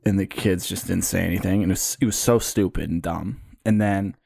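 A young man, co-hosting a podcast, telling stories in a casual, animated way. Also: deep voice, fairly quick, creaky, husky, dry recording, clean studio sound. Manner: storytelling, animated retelling with put-on quotes. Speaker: podcast co-host. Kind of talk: casual chat.

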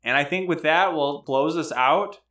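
A man's voice: on the high side, normal speed, a bit bright. A man co-hosting a podcast in casual chat, joking and self-mocking as he rambles along. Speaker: podcast co-host.

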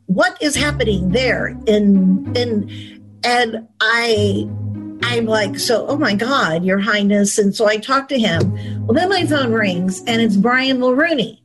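A woman in an interview, telling a story in a lively way and acting out her phone calls. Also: on the high side, takes it slowly, low-quality recording. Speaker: former chief of staff recalling election night. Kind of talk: interview recollection. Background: music.

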